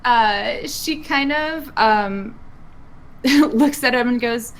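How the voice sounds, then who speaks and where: Slow-talking woman player, giggly. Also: fairly high pitch. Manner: giggly, dithering. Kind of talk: playing a tabletop game.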